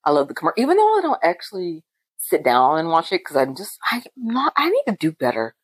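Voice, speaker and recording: A woman's voice: lowish voice, huge pitch swings, a little fast, husky, dry recording, poor audio. A woman in her forties co-hosting a podcast, chatting casually, laughing often and acting out quotes. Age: 40s. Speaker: podcast co-host. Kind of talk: casual chat.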